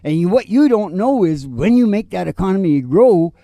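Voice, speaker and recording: A man's voice: high voice, very animated, normal speed, warm tone, no room sound. A male podcast host talking in a wry, joking, conspiratorial way. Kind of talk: casual rambling chat. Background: acoustic guitar.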